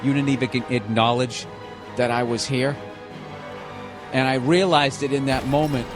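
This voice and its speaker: Male streamer, mid-pitched, rambling and profane storyteller, game music behind him. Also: fairly even intonation, normal speed. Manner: rambling, profane, laughs at himself. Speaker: gaming streamer. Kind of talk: casual storytelling while gaming.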